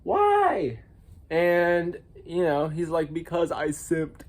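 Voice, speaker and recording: A man's voice: level tone, slow. Jokey young American guy telling stories. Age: young adult. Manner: jokey, swings from loud squeaky outbursts to low mutters. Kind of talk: casual storytelling vlog.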